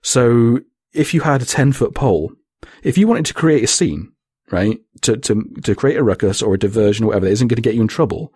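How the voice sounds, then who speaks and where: A man with a husky voice, chatting casually on a podcast in a rambling, sweary way. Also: medium pitch, animated, a little fast, darkish tone, dry recording, studio quality. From Britain. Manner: rambling, sweary, laughs often. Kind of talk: casual chat.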